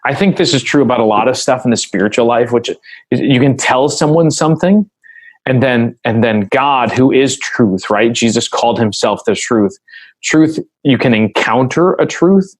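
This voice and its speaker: A man's voice: mid-range voice, normal speed, no room sound, poor audio. A man speaking as a podcast guest in a casual interview conversation, earnest and reflective as he tells a story.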